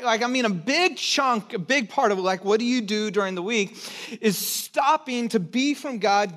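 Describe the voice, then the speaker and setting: Man, pastor, high-pitched voice, sermon, candid self-deprecating storytelling. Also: a bit bright.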